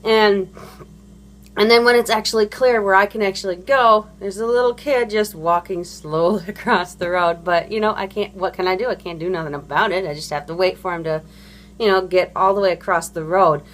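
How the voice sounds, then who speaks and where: A woman's voice: mid-range voice, a little fast. Woman, vlogger, casual rant, blunt, profane, rambling, lots of fillers. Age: adult parent. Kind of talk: casual ranting monologue.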